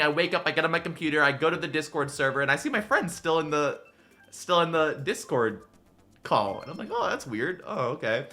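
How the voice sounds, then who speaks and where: A man in his twenties, a streamer telling stories in a rambling, casual way full of fillers while he plays a game. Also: on the high side. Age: 20s. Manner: rambling, filler-heavy, animated. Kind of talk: casual storytelling while gaming.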